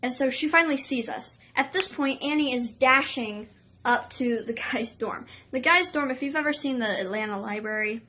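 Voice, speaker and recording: A woman telling a story on her vlog in an excitable, chatty way, full of "like" and "um". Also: high-pitched, moderate pace, a little hiss or hum. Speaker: vlogger.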